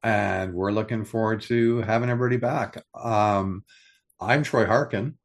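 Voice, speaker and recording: An older man co-hosting a podcast in casual chat, pitching story ideas with enthusiasm and frequent restarts. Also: normal speed. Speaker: podcast co-host.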